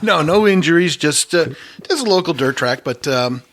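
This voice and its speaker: A man's voice: fairly high pitch, expressive, moderate pace, a bit bright. A man co-hosting a casual podcast chat, joking and laughing often as he talks. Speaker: podcast co-host. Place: lives in Connecticut.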